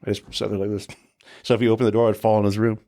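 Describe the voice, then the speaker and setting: Low-voiced man telling wild stories. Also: rapid-fire, no echo, studio quality. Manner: animated anecdotes, acts out quotes, swears freely, laughs often. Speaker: guest, tour security guard. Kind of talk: casual podcast storytelling.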